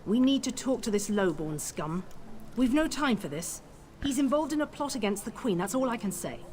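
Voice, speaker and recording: A commanding guard captain, hurried and authoritative. Her pitch moves in a lively way. Clear ambient noise sits under her voice.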